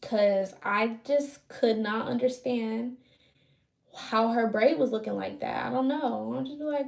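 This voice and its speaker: A woman with a fairly high, gravelly voice chats loosely with her viewers while braiding her hair. She speaks in a relaxed, rambling way. The room gives her voice a roomy echo. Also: slow. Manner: loose, chatty, talks to viewers. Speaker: livestream host.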